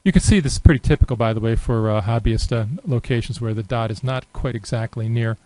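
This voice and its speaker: A man giving a relaxed, unscripted screen-recorded software tutorial, thinking aloud with many fillers. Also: medium pitch, quick pace, no room sound, low-quality recording. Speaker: software demonstrator.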